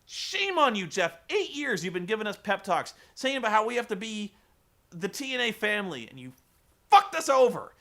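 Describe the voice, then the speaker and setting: A man's voice: high voice, big pitch swings, normal speed, fairly bright tone, heavily acted. A man impersonating an angry male wrestling commentator in an outraged rant.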